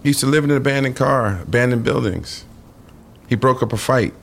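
A man, an actor and podcast guest, telling an animated story full of swearing and acted-out voices. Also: mid-range voice, a little fast, gravelly, slight background noise. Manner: vivid, profane, acts out the characters.

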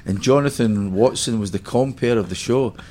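A Scottish man in his fifties tells rambling stories in a casual podcast chat, often breaking into laughter. His voice sits at an ordinary middle pitch. Faint room noise hums behind him. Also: moderate pace, warm tone. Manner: chatty storyteller, laughs easily. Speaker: podcast guest.

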